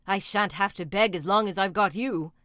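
A woman voicing a huge, greedy male ogre in a storybook, loud and gruff. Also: medium pitch, moderate pace, dry recording, studio quality, close to an everyday voice. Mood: booming.

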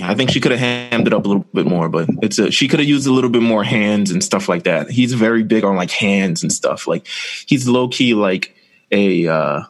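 A man co-hosting a podcast, chatting in a loose, opinionated, rambling way. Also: lowish voice. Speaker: podcast co-host. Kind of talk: casual wrestling chat.

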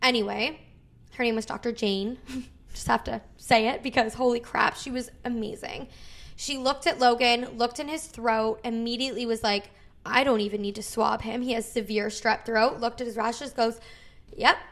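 A woman in her thirties tells a story in loose podcast chat. She acts out every quote in an animated way, with big swings in her voice, and swears freely. Her voice sits a little high. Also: normal speed. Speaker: podcast co-host. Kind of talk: casual chat.

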